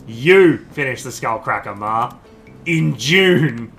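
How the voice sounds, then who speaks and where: A man reading game dialogue aloud, voicing a weary grown son in a low, flat, deadpan way. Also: slow pace, faint music behind.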